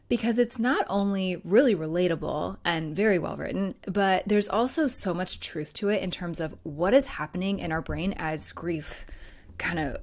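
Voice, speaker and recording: A woman in her thirties hosts a solo podcast as a grief coach. She speaks in a slightly low voice, earnest and conversational, and laughs lightly now and then. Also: darkish tone.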